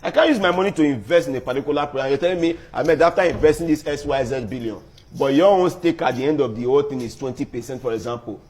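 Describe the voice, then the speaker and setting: A man's voice: medium pitch, fast talker, a little mellow. A man earnestly arguing a point in plain, layman's terms. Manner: earnest, self-deprecating, argumentative. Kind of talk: opinion talk.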